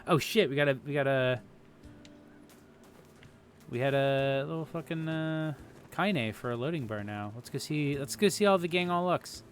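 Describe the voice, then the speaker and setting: A man's voice: on the high side, moderate pace, pauses often, soft background music. A young man rambling through casual live game commentary, swearing often and laughing easily. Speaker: streamer.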